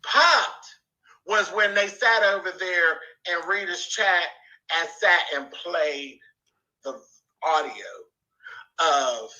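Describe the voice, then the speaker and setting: A man's voice: high-pitched, sharp tone, poor audio. A man ranting on a livestream, taunting and cursing as he draws out each insult. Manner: taunting, profane, drawn-out insults. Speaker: YouTuber in a played clip. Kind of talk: livestream rant.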